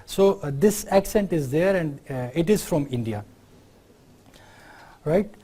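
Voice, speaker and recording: A man's voice: a little high, expressive, measured pace, mellow, breathy edge. A man from Pakistan with a Pakistani accent, giving a university lecture in an explanatory way and often checking in with the class through tag questions.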